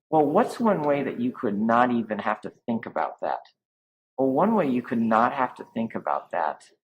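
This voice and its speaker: A man's voice: lowish voice, a little hiss or hum, poor audio. Man teaching Latin, drawing out syllables. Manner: drawn-out slow syllables when modelling Latin words; informal and explanatory, with restarts. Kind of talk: recorded slideshow lesson.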